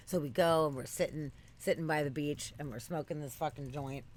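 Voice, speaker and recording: An animated podcast co-host chatting casually, with a voice that sits at an everyday middle pitch. The delivery swears freely, jumps into loud high exclamations and then drops back to an easy conversational tone. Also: a little fast, slight background noise. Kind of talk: casual storytelling chat.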